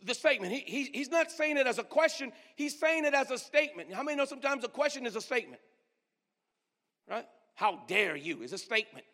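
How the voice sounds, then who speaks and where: Male pastor, very high voice, emphatic sermon delivery, church with long reverb. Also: very animated, quick pace. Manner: emphatic preaching, swinging from shouts to low asides. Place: church sanctuary.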